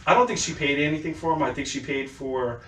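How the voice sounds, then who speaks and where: A man's voice: on the high side, quick pace, a bit bright. A man hosting a podcast, chatting casually and telling loose stories, acting out what other people said. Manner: loose storytelling, quoting people in put-on voices. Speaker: podcast host. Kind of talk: casual chat. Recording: echoey room, far from the mic, faint noise.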